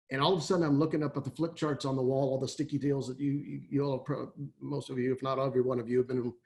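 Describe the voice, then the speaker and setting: Speaking in a slightly mellow, mid-range voice, this Texan athletic director of middle age rambles through a folksy webinar talk on a video call. He fills it with fillers and keeps restarting his sentences.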